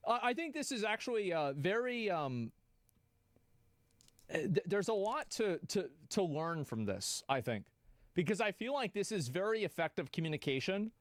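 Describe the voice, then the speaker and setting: A man streaming, reacting to a video in an excitable way, swearing and exclaiming. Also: sits high, normal speed, dry recording. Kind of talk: casual reaction commentary.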